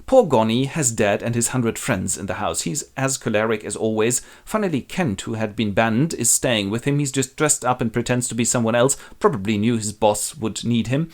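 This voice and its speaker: Wry man with a lively voice. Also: mid-range voice, moderate pace, hardly any pauses. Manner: wry, deadpan asides. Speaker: presenter retelling a play. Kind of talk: comic storytelling with toy figures.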